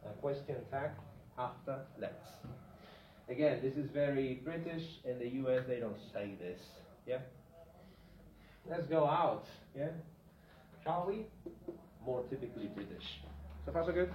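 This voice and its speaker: A man's voice: medium pitch, slight background noise. Echoey distant male teacher in class. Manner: checks in with frequent "yeah?"; repeats example sentences slowly. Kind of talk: classroom grammar lesson. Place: classroom with a whiteboard. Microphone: far from the speaker. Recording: echoey, distant, dull lo-fi room recording.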